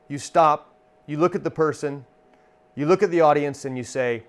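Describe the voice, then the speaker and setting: Slightly high-voiced man giving stage tips. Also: normal speed. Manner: conversational, relaxed storytelling. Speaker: stage entertainer and magician. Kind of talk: instructional talk demonstrating comic one-liners.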